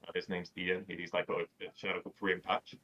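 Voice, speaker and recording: A man with a fairly low voice rambles through a casual chat, filling every sentence with "like" and tossing in the odd swear word. He comes through a video call, so the sound is dull and lo-fi. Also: level tone, fast, fairly bright tone. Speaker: podcast guest.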